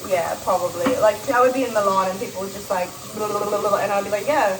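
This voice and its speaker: A woman's voice: medium pitch, steady tone, quick pace, echoey room, far from the mic, noisy background. A woman from Detroit chatting casually in a vlog, playful and laughing often, with a mixed accent that partly sounds British. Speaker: vlogger. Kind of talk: casual chat while working.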